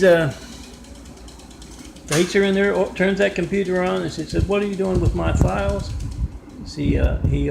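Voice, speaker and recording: A man's voice: a little high, gravelly. A man telling a meandering story to his phone camera in a casual vlog, with wry asides and lots of fillers. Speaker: vlogger. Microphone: phone front camera. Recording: echoey room with background noise.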